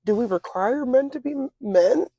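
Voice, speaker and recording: A young woman in her twenties, an interview guest speaking casually and reflectively, pausing often with fillers and restarts. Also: on the high side, animated, dark tone, no echo. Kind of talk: casual conversation.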